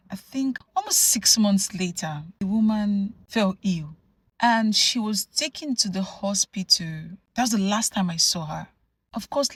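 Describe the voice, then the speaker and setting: A woman from Nigeria telling a personal story to camera in an animated, conversational way, full of asides. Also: medium pitch, slightly rough, no echo. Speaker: vlogger. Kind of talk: storytelling vlog.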